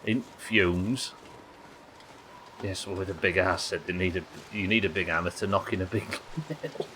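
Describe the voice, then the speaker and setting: Deep-voiced man streaming a game. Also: normal speed, pushed and bright, slight background noise. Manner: chatty, jokey, swears casually, teases chat. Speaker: live gaming streamer. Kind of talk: casual gameplay commentary chatting with viewers.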